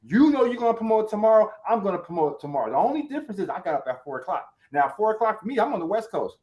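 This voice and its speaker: A man with a high, fast voice talks in a rush of animated, emphatic motivation. His phrasing is slangy and streetwise, full of repeated catchphrases, as he speaks as a guest on an interview show. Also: highs cut off. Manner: animated, emphatic, acts out quotes in other voices. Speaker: guest, network marketer.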